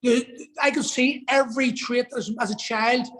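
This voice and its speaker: A man's voice: very high voice, steady tone, moderate pace, fairly bright tone, poor audio. A man telling a personal story as a podcast guest, earnest and emotional, swearing for emphasis.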